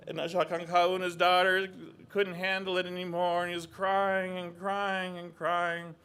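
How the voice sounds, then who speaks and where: Animated man telling a folk tale live, bit of a higher voice, faint room hum behind. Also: normal speed. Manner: animated, lots of voices and sound effects. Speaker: storyteller. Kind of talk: live oral storytelling.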